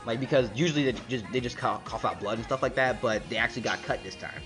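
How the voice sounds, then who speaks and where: A man's voice: mid-range voice, quick pace, over music. Rambling man recapping a comic chapter. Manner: rambling, many fillers and restarts. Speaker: manga reviewer.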